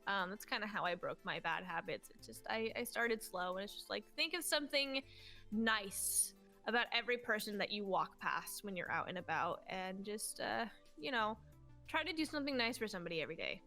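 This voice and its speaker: A woman's voice: mid-range voice, expressive, brisk, pushed and bright, faint music behind. A young adult woman, a podcast guest, chatting casually in a bubbly way and swearing freely. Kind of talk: casual chat.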